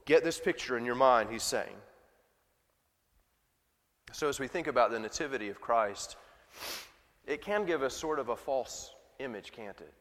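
A man's voice: medium pitch, expressive, normal speed, long pauses, a bit bright. Male pastor preaching in a reverberant church. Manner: conversational preaching with rhetorical questions. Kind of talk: sermon. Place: church sanctuary.

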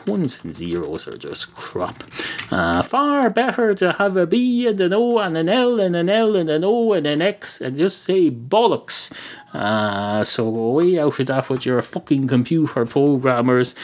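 A man with an Irish accent rambling through a sweary comic monologue as a podcast host. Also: mid-range voice. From Ireland. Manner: sweary, ranting, full of fillers.

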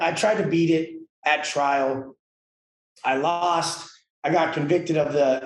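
A man's voice: a little high, reverberant, poor audio. A man telling his story as a podcast guest, emphatic, blunt and full of profanity. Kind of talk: casual interview storytelling.

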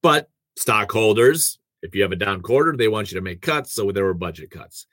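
Chatty low-voiced radio man. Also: animated, a bit bright, no room sound. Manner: chatty, self-deprecating, quick asides. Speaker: radio host and producer. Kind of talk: casual conversational storytelling.

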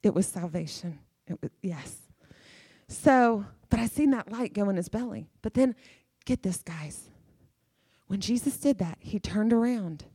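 A woman's voice: medium pitch, animated, measured pace, dark tone, husky, dry recording, studio quality. A middle-aged woman preaching a sermon with fervor, emphatic and repeating phrases for effect.

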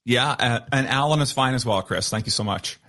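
A man's voice: medium pitch, brisk. A middle-aged man from Canada with a French-Canadian accent, earnestly telling his story as an interview guest. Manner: earnest, warm storytelling with many fillers. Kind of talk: interview conversation.

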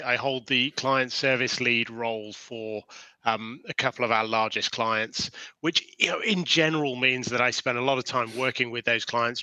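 Bright-voiced British man on a call. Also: mid-range voice, dry recording, poor audio. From England. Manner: hesitant, many fillers and restarts. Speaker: podcast guest, sales director. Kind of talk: casual interview chat. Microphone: video call.

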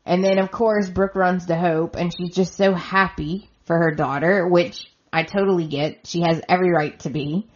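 A woman's voice: fairly low pitch, fairly even intonation, moderate pace, few pauses, lo-fi sound. A woman hosting a podcast, casually recapping a soap opera in a chatty way and retelling scenes with quoted lines. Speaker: podcast host.

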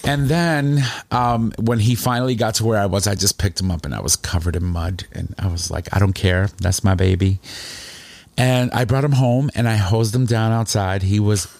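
A man with a low, voice recounts a story in loose, rambling chat, animated and emotional as he goes. The sound is close and dry, with no room around it. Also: moderate pace, few pauses, no echo.

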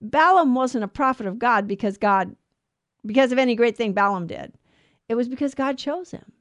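A woman's voice: fairly high pitch, lively intonation, fairly bright tone, no echo. Earnest woman radio Bible teacher. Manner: earnest, emphatic, with quick restarts. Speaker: radio Bible show host. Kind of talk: Bible teaching, reading scripture aloud.

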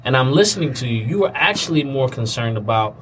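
A male interview host speaks in a thoughtful, affirming way as he frames the guest's story. His voice sits at a middle pitch. He is a little distant from the mic, with faint noise behind him. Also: animated, fast, a bit bright. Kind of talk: interview questions.

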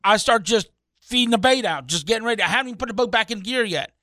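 High, bright male voice; charter captain spinning a fishing tale on a talk show, rambling, animated, dry close studio sound. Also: quick pace, dry recording. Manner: rambling, animated, restarts with "anyhow". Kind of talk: casual radio storytelling.

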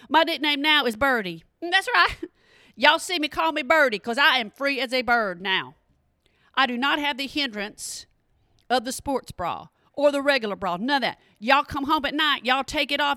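A high, bright-voiced woman, chatting to her podcast listeners. Her delivery is animated and full of exclamations, with a dry, close sound. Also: no room sound. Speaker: podcast host. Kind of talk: casual storytelling monologue.

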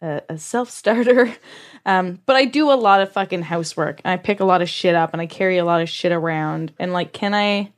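A woman's voice: on the low side, fairly quick. Candid, laughing woman podcast host. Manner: candid, swears freely, laughs often. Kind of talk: casual chat.

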